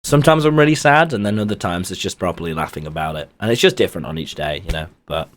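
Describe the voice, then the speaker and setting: Lively young man telling stories. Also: deep voice, quick pace, slight background noise. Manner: rambling, animated storytelling with swearing and laughter. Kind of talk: casual chat.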